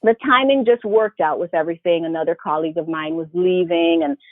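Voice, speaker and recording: Woman w a faint vincentian accent, kinda low voice, chatting over a tinny dry call line. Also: brisk, dry recording. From Saint Vincent and the Grenadines. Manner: reflective, animated storyteller, mimics others' voices. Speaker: interview guest, journalist. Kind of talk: casual interview conversation.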